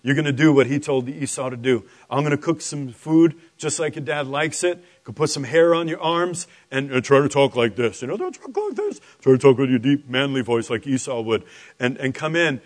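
Man doing an insistent mother, brisk, near his own voice, softer. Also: medium pitch, animated, close to an everyday voice. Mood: urging. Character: determined, pushy mother urging her son.

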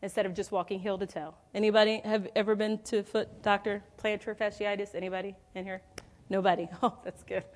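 A woman's voice: medium pitch, flat delivery, fairly quick. A woman in her forties preaching a sermon in a conversational, storytelling way, calling out questions to the congregation. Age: 40s.

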